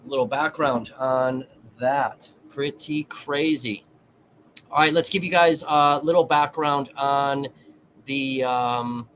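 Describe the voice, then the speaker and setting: A man's voice: on the high side, a bit bright, a little hiss or hum, poor audio. A man hosting a casual livestream, chatting to his viewers and commenting on a trial. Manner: chatty, addresses viewers directly.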